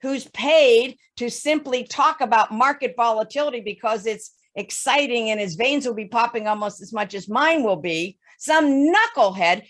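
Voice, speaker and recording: A woman financial advisor giving a webinar talk, explaining investing with lively stories and everyday examples. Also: a little high. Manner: animated storytelling with folksy examples.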